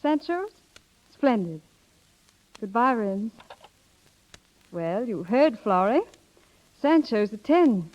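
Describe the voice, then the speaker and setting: An actress playing a proud, principled young secretary in a vintage radio drama, with a brisk, spirited delivery. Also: female voice, fairly high pitch, big pitch swings. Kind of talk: 1940s radio acting. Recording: muffled old radio recording with music.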